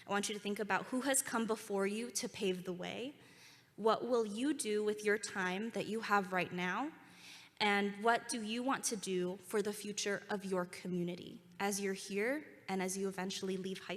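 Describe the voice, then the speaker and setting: A young woman giving a heartfelt ceremony speech in a school auditorium. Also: medium pitch. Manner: earnest and heartfelt, leads a call-and-response. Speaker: alumni keynote speaker. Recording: reverberant hall.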